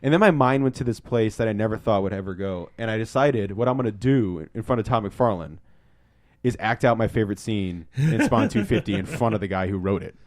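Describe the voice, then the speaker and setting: A man co-hosting a podcast, telling stories in a casual, excitable way and swearing freely. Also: on the low side, fairly quick. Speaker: podcast co-host. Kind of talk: casual storytelling.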